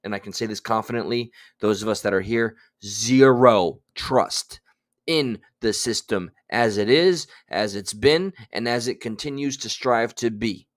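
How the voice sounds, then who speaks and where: A man's voice: on the low side, unhurried. A man hosting a casual livestream, chatting loosely and reading out viewer names. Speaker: livestream host.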